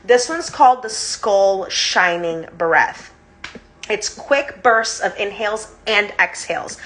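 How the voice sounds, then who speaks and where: Leading a relaxed breathwork lesson on a live stream, a young chakra teacher speaks on the high side with a slightly bright tone. She giggles, stays bubbly, and says "like" nearly every sentence.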